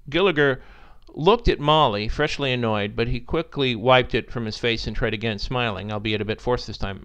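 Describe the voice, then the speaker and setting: A man narrating a story in an expressive, animated reading style. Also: mid-range voice, normal speed, clear, resonant tone.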